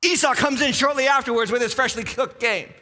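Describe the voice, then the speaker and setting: Animated, bright-voiced preacher man. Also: extremely high pitch, brisk. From western Massachusetts. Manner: animated storytelling, acting out the characters. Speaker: pastor. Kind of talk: sermon. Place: church sanctuary. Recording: long hall reverb.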